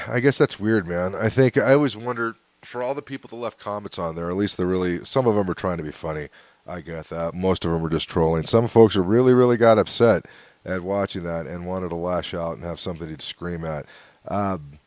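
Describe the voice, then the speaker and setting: Brief: male podcast host, low voice, dry close sound, easygoing rambling delivery. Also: a little mellow, dry recording. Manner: laid-back and rambling, with frequent fillers and chuckles. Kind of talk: casual solo podcast, reading hate mail aloud.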